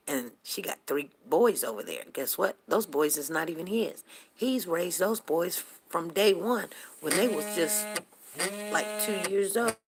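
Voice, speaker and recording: Gravelly-voiced chatty woman storyteller. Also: low-pitched. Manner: chatty, greets viewers by name while telling a story. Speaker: livestream host. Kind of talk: casual storytelling to live viewers.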